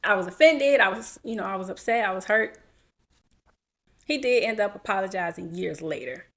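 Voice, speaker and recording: A woman in her thirties, a podcast co-host, telling a personal story in an animated, casual way and acting out what people said. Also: medium pitch, moderate pace. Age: 30s. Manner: animated, acts out quotes, laughs while telling.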